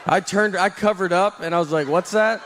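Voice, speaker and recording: Male comic, dry rambling delivery, higher pitch, faint background hiss. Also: fairly quick. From Nashville, Tennessee. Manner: deadpan, rambling with many fillers. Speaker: stand-up comedian. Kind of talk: stand-up set.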